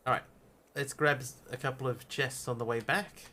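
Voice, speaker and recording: A man's voice: medium pitch, fairly even intonation, moderate pace, background noise. Chatty man streaming a game. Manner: chatty, thinks aloud and answers chat. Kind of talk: casual live-stream gameplay chat.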